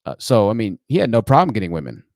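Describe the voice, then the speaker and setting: A male livestream host who chats and spins stories with animated energy. His voice sits low and mellow, and his pitch swings widely. The sound is dry and close. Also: fast, no echo. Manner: animated, chatty, laughs at his own stories. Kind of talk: livestream commentary and storytelling.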